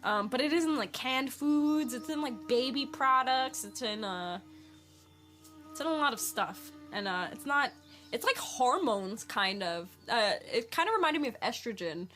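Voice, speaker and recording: High-voiced rambling woman podcast host. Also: animated, moderate pace, a bit bright, faint music behind. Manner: rambling, full of fillers, asks listeners questions. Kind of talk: casual spiritual podcast monologue.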